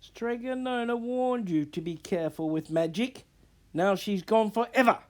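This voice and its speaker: A man's voice: high-pitched, normal speed, pitched above the performer's own voice, lightly acted. A man reading a storybook aloud, voicing a clever young girl apprentice who warns and scolds. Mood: scolding. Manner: stern and warning.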